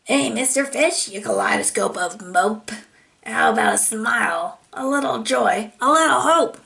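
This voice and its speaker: A woman's voice: on the high side, lively intonation, unhurried, vocal fry, bright, forceful tone, heavily acted. A woman voicing a slightly impolite female squid in a children's storybook, with a blunt, teasing manner. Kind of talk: storybook read-aloud.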